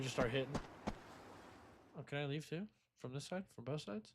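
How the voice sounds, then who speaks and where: A male gaming streamer giving blunt play-along commentary and reacting loudly to the game. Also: fairly high pitch, animated, moderate pace, noisy background.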